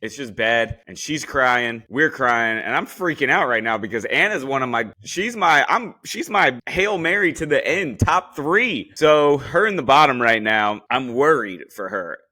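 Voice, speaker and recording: A man hosting a podcast, giving a blunt, animated, casual recap of a cooking competition and swearing freely. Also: medium pitch, a little slow, hardly any pauses. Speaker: podcast host.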